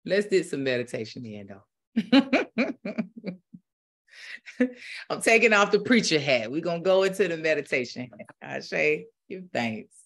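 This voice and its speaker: A woman spiritual teacher, preaching with rising fervor and then leading a slow, calm guided meditation. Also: sits low.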